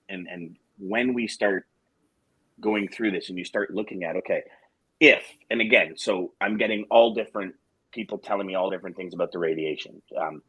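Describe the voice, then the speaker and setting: A man's voice: low-pitched, fairly bright tone, husky, no echo, low-quality recording. A man co-hosting a live show, talking to listeners frankly and with emotion, with blunt swearing and jokes. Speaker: co-host of a live sales morning show. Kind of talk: candid casual talk to listeners.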